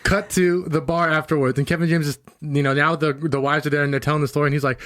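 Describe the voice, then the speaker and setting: A young man co-hosting a podcast, casually retelling scenes in an animated way. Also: fairly high pitch, fast talker, few pauses, no echo, studio quality. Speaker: podcast co-host. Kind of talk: casual chat.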